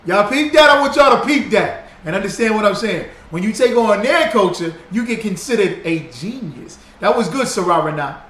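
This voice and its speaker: High-voiced and a bit bright, he sounds animated, talking at a normal speed with hardly any pauses. He's a livestream host reading comments, welcoming viewers by name and teaching in a casual, repetitive, loose manner that makes his points stick. Faint background noise sits under a roomy echo.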